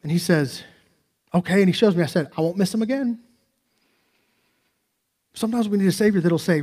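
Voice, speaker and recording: Male pastor, slightly raised pitch; earnest, conversational sermon delivery with rhetorical questions. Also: quick pace, long pauses, a little mellow.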